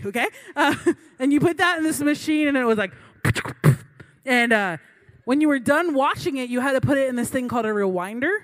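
The preacher is a young adult woman with a high, somewhat bright voice. She tells a comic story about herself as a sermon, sounding chatty, teasing herself, and laughing between lines.

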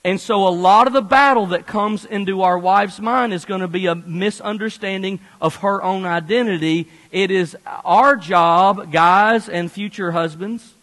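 A man preaching a sermon as a pastor, animated and conversational, speaking directly to the congregation. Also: sits high, unhurried, few pauses, big-room sound, poor audio.

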